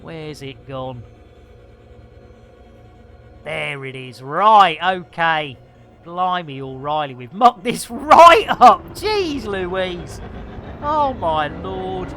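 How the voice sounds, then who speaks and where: A woman streaming a space game, chatting excitedly to her guests, often laughing and exclaiming at her own mistakes. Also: on the low side, very slow, pauses often, slight background noise. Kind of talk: live gameplay commentary.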